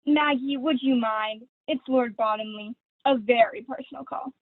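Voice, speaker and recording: A woman's voice: high-pitched, normal speed, dry recording. A young woman playing a gushing, vain stage diva. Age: teens. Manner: theatrical, affected, honeyed. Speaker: student actor. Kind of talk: school play read over video call. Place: at home. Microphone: video call. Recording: dry, tinny video call audio.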